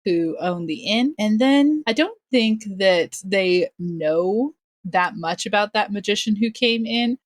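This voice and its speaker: A woman's voice: medium pitch, expressive, slow pace, no room sound, clean studio sound. A woman talking as a guest on a podcast, a game master who chats casually and laughs often at herself. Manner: laughs often, self-deprecating. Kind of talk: casual interview chat.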